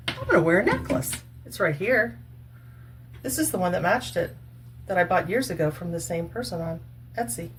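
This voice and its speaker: Older lady in her 60s chatting to her camera at home, lowish voice, faint hum behind. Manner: chatty, earnest, laughs often. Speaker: vlogger. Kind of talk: casual makeup chat and testimony.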